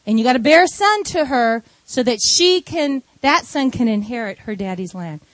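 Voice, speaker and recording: A woman's voice: fairly high pitch, expressive, moderate pace, no echo, voice pushed down, natural voice. A woman doing a kind, wealthy landowner. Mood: firm. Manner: reassuring, decisive. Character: kind wealthy landowner man, steady and protective.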